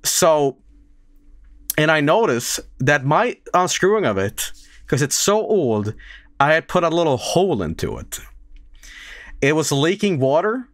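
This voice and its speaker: A young male game streamer telling a story into a desk microphone at home, laughing and cursing as he goes. His pitch swings widely from low mutters up to sudden yelps. The sound is close and completely dry, with no room around it. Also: unhurried, long pauses, no echo. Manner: animated, laughing, swearing, with sudden loud outbursts. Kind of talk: casual storytelling on a live stream.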